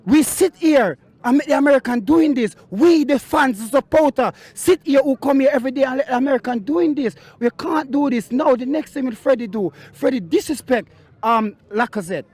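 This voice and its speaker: A man's voice: very high-pitched, normal speed, a little mellow, no echo. A man, a football fan, ranting passionately to camera outside the ground. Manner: impassioned, emphatic, repeats for stress.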